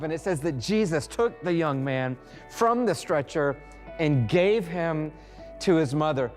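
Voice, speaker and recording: A male pastor delivering a sermon, telling the story dramatically with pauses and acted-out lines. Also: fairly high pitch, darkish tone. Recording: reverberant hall with faint music.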